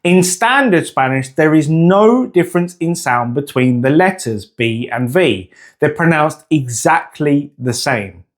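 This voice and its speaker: A young man, a language teacher, giving a scripted pronunciation lesson and slowly, clearly demonstrating sounds. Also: a little high, animated.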